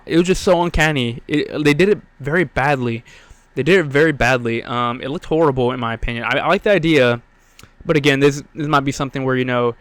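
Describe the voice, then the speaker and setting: A man's voice: medium pitch, a bit bright, clear, resonant tone, no room sound. Rambling young man on a podcast. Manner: rambling, frequent "um" and "I mean", self-correcting. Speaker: podcast host. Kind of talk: casual solo sports podcast talk.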